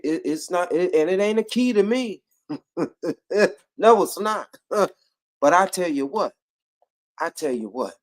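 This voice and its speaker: A man hosting a casual commentary livestream, drawling, laughing often and repeating himself. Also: mid-range voice. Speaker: livestream host.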